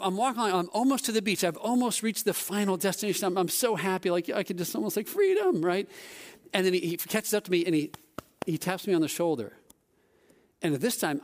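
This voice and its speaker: Animated man telling a sermon story. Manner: animated storytelling, voice rising when excited; softens and lowers when speaking of grace. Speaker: preacher.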